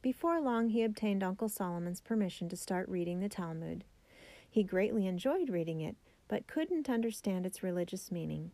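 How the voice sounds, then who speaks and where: Mellow woman reading a biography aloud. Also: mid-range voice, expressive, moderate pace, dry recording. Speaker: audiobook narrator.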